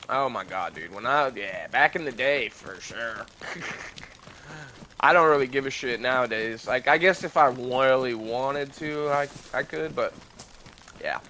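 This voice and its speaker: An American young man streams a game and chats casually, rambling loosely and swearing freely. His medium-pitched voice is bright and forceful, and the rough recording carries a little hiss or hum.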